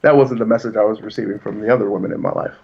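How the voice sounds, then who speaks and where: A man's voice: on the low side, fairly even intonation, racing, gravelly, slightly rough, muffled recording. A man in his thirties, a podcast co-host, talking in an earnest, reflective way as he tells personal stories. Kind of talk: casual chat.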